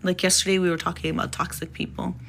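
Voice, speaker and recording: A woman's voice: lowish voice, little pitch movement, fast, fairly bright tone, a little hiss or hum. A young woman chatting on a phone live stream, rambling and laughing often, and reading her own poem.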